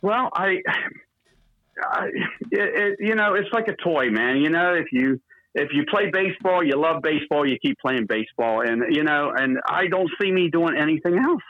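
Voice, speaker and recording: A man's voice: a little high, expressive, moderate pace, no echo, phone-quality sound. A man in his fifties, a radio DJ, telling long, salty anecdotes in an interview. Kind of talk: storytelling interview.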